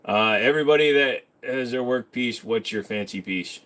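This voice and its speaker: A man's voice: medium pitch, moderate pace, fairly bright tone. Joking man hosting a livestream chat. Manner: loose, jokey and self-mocking, reads chat questions aloud then answers; knowledgeable about handguns, explains in detail. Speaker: livestream host answering chat questions.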